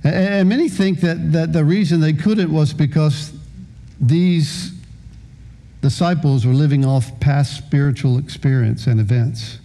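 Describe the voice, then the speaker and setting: A man's voice: on the high side, a little slow, warm tone. A man in his sixties preaching a sermon as a pastor, often repeating words as he starts a phrase.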